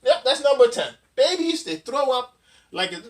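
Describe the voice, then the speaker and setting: This thirties dad-advice vlogger has an extremely high pitch and is very animated, keeping a moderate pace. Working through a countdown list, he rambles chattily with plenty of fillers and restarts, and his voice comes across as somewhat distant from the mic.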